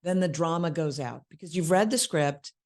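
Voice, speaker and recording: Low-voiced woman teaching acting. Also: moderate pace, darkish tone. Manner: conversational, acts out lines mid-explanation. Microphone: worn microphone.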